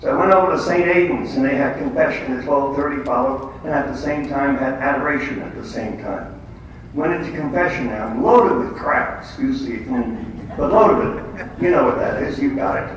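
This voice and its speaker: A man's voice: medium pitch, brisk, highs cut off. Man preaching in an echoey room. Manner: conversational storyteller with blunt humor. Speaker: lay speaker at a faith gathering. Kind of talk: testimony-style religious talk. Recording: echoey room from far off, faint noise.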